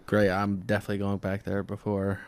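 Chill low voiced dude, slangy, just hanging out on a podcast. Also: male voice, fairly quick, clear, resonant tone, no room sound. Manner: relaxed and low-key, slangy. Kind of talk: casual chat.

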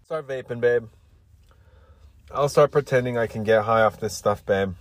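A man's voice: on the low side, moderate pace, dry recording. A man hosting a solo podcast, rambling crudely and getting irritated as he goes. He has the hiccups. His voice sits close and dry on the mic, with no room around it. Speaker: podcast host.

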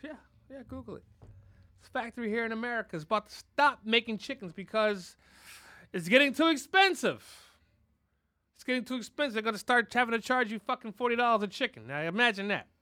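A man's voice: very high voice, quick pace, pushed and bright. A man hosting a podcast, ranting in casual chat, heated and repetitive, swearing constantly. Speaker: podcast host. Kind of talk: casual profane rant.

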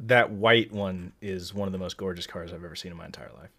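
A man's voice: deep voice, fairly even intonation, fast, sharp tone. Emphatic man blurting reactions. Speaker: podcast co-host. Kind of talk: casual chat.

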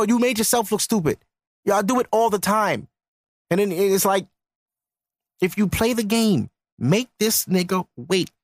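Blunt, animated podcast rant from a man. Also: high voice, no room sound, clean studio sound. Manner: blunt, profane, lecturing. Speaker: podcast host.

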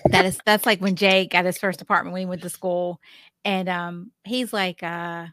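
Bright-voiced chatty woman co-host. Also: on the low side, steady tone, normal speed, no room sound, studio quality. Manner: chatty, searching for words, laughs easily. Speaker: podcast co-host. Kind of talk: casual chat.

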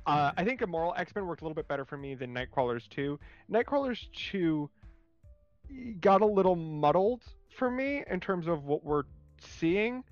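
A man co-hosting a casual comics chat, animated and rambling with lots of fillers. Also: a little high, normal speed, no echo, lo-fi sound, faint music behind. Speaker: comics podcast co-host.

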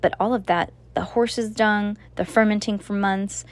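A woman's voice: medium pitch, steady tone, unhurried, slight background noise, voice pushed up, lightly acted. A woman voicing a nervous, timid housekeeper who speaks in a pleading way.

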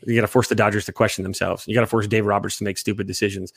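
A young man co-hosting a casual sports chat, rambling and jokey, quick to laugh. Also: lowish voice, little pitch movement, creaky, husky, no echo. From Chicago area. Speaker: sports podcast co-host.

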